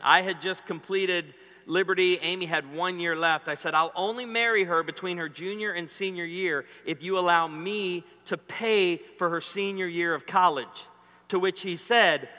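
A man's voice: high voice, fairly quick, sharp tone. A man in his forties preaching a humorous sermon, joking with the congregation and telling stories. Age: 40s. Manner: joking, storytelling, playful banter with the crowd. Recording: long hall reverb.

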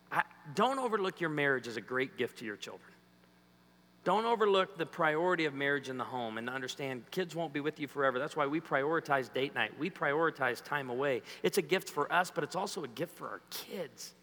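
Guy preaching a funny sermon in a church, keeps asking the crowd questions, sharp bright tone, echoey. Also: on the high side, moderate pace. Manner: lively, jokey, quizzes the audience. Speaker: guest preacher. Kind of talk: humorous sermon. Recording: echoey hall.

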